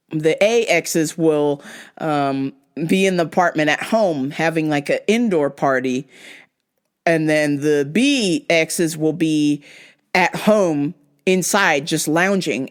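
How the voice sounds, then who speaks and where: A woman hosting a casual commentary podcast, blunt and profane, ranting about what she watched and laughing often. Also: lowish voice. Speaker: podcast host.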